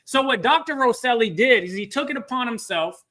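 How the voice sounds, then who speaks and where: A man's voice: very high voice, expressive, a little fast, bright, forceful tone. A man presenting a live training webinar, telling a story and often quizzing his audience.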